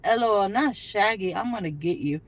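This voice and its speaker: A woman's voice: mid-range voice, expressive, normal speed, muffled recording. Woman, older, livestream host, chatty, rambling, lots of fillers, phone mic, inside a car. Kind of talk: casual live chat with viewers. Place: in a parked car.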